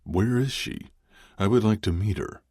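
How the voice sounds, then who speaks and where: A man's voice: lowish voice, normal speed, a little mellow, husky, no room sound, studio quality, pitched above the performer's own voice. A man voicing a cheerful older company founder who teases his friend in an audiobook. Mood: jovial.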